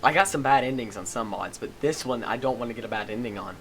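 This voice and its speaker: A man gamer reading a visual novel game aloud and reacting, excitable with loud outbursts. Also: medium pitch, quick pace, slight background noise.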